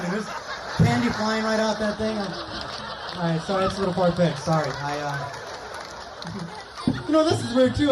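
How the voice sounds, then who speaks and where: Guy doing stand-up in a park, high voice, echoey, lots of crowd noise behind him. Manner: rapid jokey patter, acting out voices, laughing at his own jokes. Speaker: stand-up comic. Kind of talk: stand-up comedy set. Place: outdoor park concert stage.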